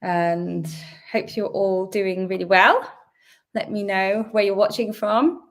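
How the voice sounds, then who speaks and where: A British woman from the UK, a little croaky from a sore throat, hosting a chatty, upbeat live-stream Q&A from home and greeting her viewers. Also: mid-range voice, slow pace. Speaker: host. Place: home indoors.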